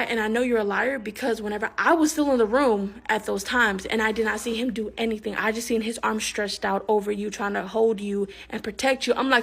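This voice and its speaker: Give me a candid young woman telling her own story, slightly high and gravelly. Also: fairly even intonation, a little fast, hardly any pauses. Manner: candid, emphatic, drops to hushed tones. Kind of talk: storytime monologue.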